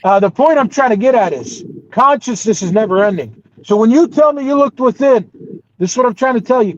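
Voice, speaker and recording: High-voiced rambling man on a live panel. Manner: rambling, animated, says bro often. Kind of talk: casual live panel discussion. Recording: dull lo-fi audio with faint noise.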